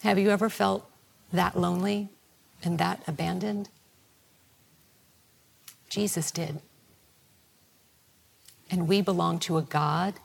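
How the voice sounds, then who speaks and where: A woman preaching a sermon in a slow, reflective, prayerful way, her voice sinking toward a whisper. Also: lowish voice, fairly even intonation, gravelly, slight background noise.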